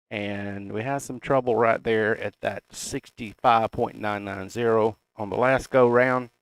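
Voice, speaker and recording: Middle-aged Southern man, folksy market commentator, gravelly voice. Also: mid-range voice, no room sound. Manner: folksy, reads price levels aloud. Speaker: crypto chart analyst. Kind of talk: casual chart commentary.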